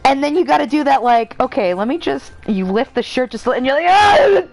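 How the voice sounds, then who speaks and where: A woman's voice: sits high, a little fast, darkish tone, low-quality recording. A young woman hosting a gaming stream in casual chat, giggling as she tells funny family stories. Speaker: gaming channel host. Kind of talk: casual chat over a game. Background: game music.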